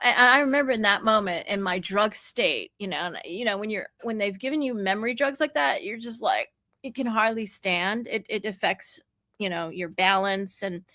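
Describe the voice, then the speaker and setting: A woman in her fifties, a livestream host, telling a long personal story in a rambling, halting way with many restarts. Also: mid-range voice, bright, forceful tone, no room sound, studio quality.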